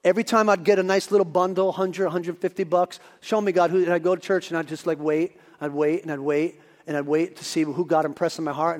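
Pastor guy preaching, high voice, goes from hushed to shouting, echoey church hall. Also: fairly even intonation, a little fast, few pauses. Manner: preachy, builds from quiet asides to shouting. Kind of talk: sermon.

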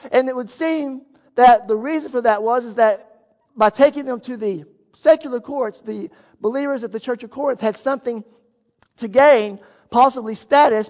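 A man's voice: extremely high pitch, a little mellow. A male pastor preaching a sermon, explaining a Bible passage in an earnest, emphatic way and pressing his points with rhetorical questions. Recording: echoey hall, dull lo-fi sound.

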